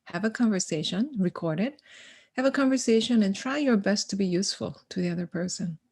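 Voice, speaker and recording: A woman guest on a podcast, an educator, telling stories in conversation in an animated way, acting out dialogue and laughing often. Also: medium pitch, brisk, slightly rough. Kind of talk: conversational storytelling.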